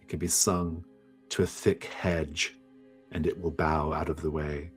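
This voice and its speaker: A man narrating as game master in a measured, descriptive storytelling manner. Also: extremely low pitch, flat delivery, soft background music.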